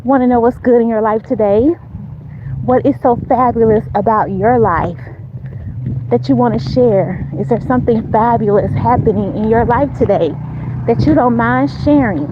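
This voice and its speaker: A woman's voice: fairly high pitch, moderate pace, phone-quality sound, background noise. A woman hosting a casual live chat while walking outdoors, speaking straight to her viewers, repeating herself and urging them on. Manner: walking as she talks, upbeat and encouraging. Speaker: host. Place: outdoors on a neighborhood street. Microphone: phone held while walking.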